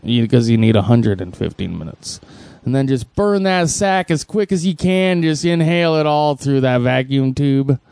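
A man's voice: mid-range voice, animated, normal speed, creaky, hardly any pauses, darkish tone, smooth, no room sound. A man chatting casually, an easygoing listener who mostly agrees. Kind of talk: casual chat.

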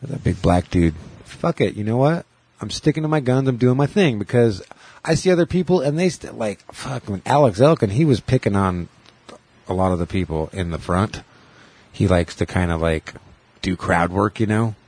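A man's voice: on the low side, animated, moderate pace, darkish tone, slightly rough. A man who does stand-up comedy, chatting crudely and jokily as a podcast host. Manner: crude, joking, profane. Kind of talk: casual chat.

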